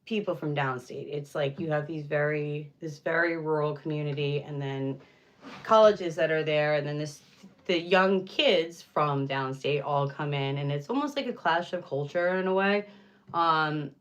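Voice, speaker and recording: A woman's voice: low-pitched, a bit bright. Chatty woman rambling with lots of fillers. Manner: rambling, frequent fillers, laughs easily. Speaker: livestream musician chatting with viewers. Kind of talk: casual livestream chat.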